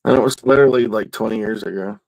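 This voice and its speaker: A man's voice: fairly low pitch, fast, vocal fry, darkish tone, no echo, poor audio. A man hosting a podcast, telling a loose, profane story in a casual, rambling way. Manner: profane, loose and meandering, with drawled asides. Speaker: podcast host.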